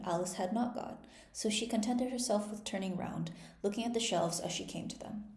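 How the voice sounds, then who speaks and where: Woman reading a storybook, mellow tone. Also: lowish voice, gravelly, reverberant. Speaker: storybook reader. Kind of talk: children's storybook narration.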